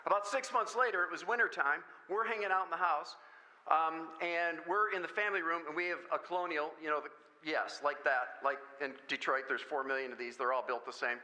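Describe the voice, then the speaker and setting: A man from Michigan speaking at a school parent meeting, telling jokey stories in an animated way. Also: on the high side, brisk, poor audio. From Michigan, USA. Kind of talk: lively talk with stories.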